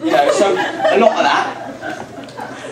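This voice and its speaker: A young man with a higher voice tells a Bible story to a youth group in a rambling, laughing, filler-heavy way. The recording catches him from a distance in a reverberant church room. Steady noise runs underneath. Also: takes it slowly. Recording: echoey room from far off, noisy.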